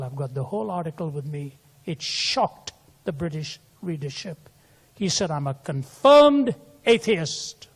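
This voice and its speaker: An older man preaching a sermon, telling stories that swell loud and drop soft. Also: a little high, breathy edge. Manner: swells loudly for quoted lines, drops soft for tender moments. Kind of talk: sermon storytelling.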